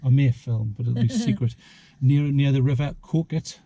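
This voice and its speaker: A man's voice: mid-range voice, moderate pace, creaky, warm tone, breathy edge, dry recording, highs cut off. A man chatting casually on a vlog outdoors, joking and rambling with a ready laugh. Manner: joking, rambling, chuckles often. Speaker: vlog host. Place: outdoors in a small town street.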